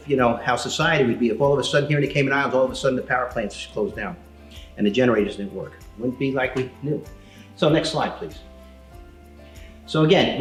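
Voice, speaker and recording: A man presents a seminar from slides in a loose, conversational way, stopping to quiz the audience. His voice sits at a middle pitch and rings out in an echoey hall. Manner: casual, chatty, quizzes the audience. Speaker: seminar speaker. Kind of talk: live seminar talk with slides.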